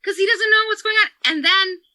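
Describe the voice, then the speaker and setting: A woman's voice: extremely high pitch, a little fast, sharp tone, dry recording. A woman comedian telling a story on a podcast, swearing freely and laughing as she talks. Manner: profane, laughing, emotional storyteller. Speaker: comedian and former bartender. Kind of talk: animated comic storytelling on a podcast.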